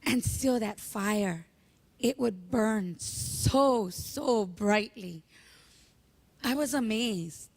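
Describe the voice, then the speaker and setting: A woman giving a heartfelt eulogy at a memorial, telling stories with animated emotion. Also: medium pitch, drawn-out words. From Hawaii. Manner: emotional, animated storytelling, tearful at moments. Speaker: memorial speaker.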